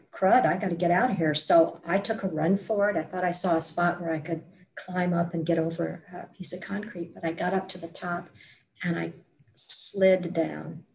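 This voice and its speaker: A woman who is a podcast guest tells a personal story in a lively, self-mocking way, laughing now and then. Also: on the low side, slight background noise.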